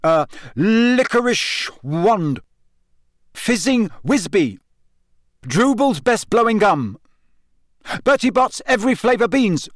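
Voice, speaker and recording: An impatient teenage boy wizard from a storybook, pleading in a raised, high, lively voice, as a man reads him aloud. The sound is dry and close. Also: slow pace, long pauses, no echo, full character voice. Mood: guessing.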